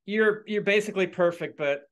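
A man's voice: high-pitched, brisk. A man hosting an interview, asking questions and affirming his guest often. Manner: affirming, frequent mm-hmms. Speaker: podcast host, coach.

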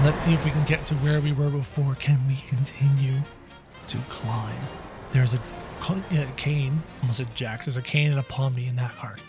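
A high, lively male voice giving running commentary on a game, excitable and quick to yelp at the action. His pitch jumps all over as he talks to his viewers. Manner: excitable, yelping at the screen. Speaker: gaming channel host.

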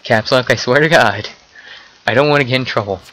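A young man giving casual, excitable commentary while playing an online game, often swearing and exclaiming at what happens. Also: medium pitch, fairly quick, poor audio. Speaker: gameplay commentator.

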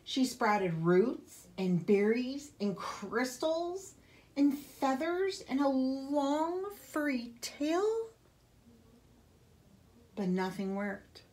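A woman librarian reads a children's picture book aloud, slowly and expressively. Her fairly high voice swoops up and down as she lingers over each phrase. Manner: slow, expressive storytelling.

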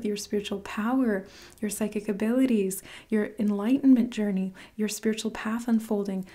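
Woman host, gushing spiritual tarot reader, dips into whispers, mellow tone. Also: mid-range voice. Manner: earnest, gushing, whispers for emphasis. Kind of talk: casual spiritual reading to camera.

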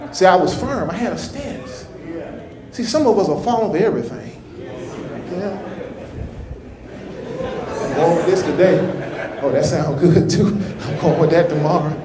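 A male minister preaches a sermon in a folksy, rhythmic way, repeating his points for weight. His voice sits high, and the church room echoes around him. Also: warm tone.

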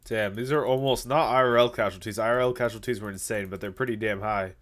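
A man's voice: lowish voice, fast, a bit bright. Chatty man giving gameplay commentary. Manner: chatty, joking, talks to viewers. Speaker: gaming YouTuber.

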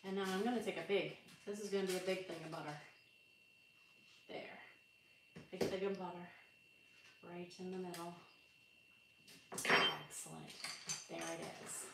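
A woman hosts a casual live cooking stream from her home kitchen, talking through each step as she works. She sits a little away from the microphone, so her voice carries a roomy echo with steady noise underneath. Her tone is chatty and relaxed, and she laughs off small mishaps. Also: fairly low pitch, moderate pace, long pauses. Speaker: livestream cooking host. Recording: echoey room, far from the mic, audible noise.

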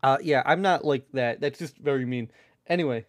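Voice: mid-range voice, moderate pace. A live streamer chatting casually from their own room at home, rambling, swearing often and keeping their voice down. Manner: keeps voice down to avoid being loud. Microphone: desk microphone with lowered sensitivity.

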